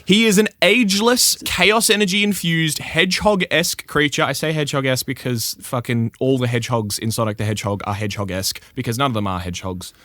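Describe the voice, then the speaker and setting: A man's voice: medium pitch, quick pace, hardly any pauses, sharp tone, no room sound, studio quality. A man hosting a casual podcast, reading a lore script aloud and breaking off into crude, swearing asides. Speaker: podcast host presenting lore.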